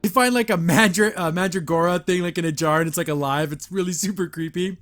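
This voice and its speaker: A man's voice: high voice, fast, fairly bright tone. A man hosting a casual cartoon review podcast, chatty and laughing as he retells scenes and acts out the lines. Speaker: podcast host.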